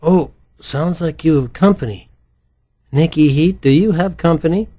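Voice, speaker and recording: A man's voice: a little high, moderate pace, dark tone, voice pushed up, lightly acted. A man voicing a chatty, teasing woman medical examiner in an audiobook. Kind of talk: audiobook character voice.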